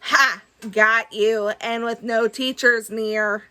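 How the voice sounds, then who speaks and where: Vrouw die een dreigende schoolpestkop speelt. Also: female voice, fairly high pitch, steady tone, takes it slowly, sharp tone. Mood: menacing. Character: boastful schoolboy bully.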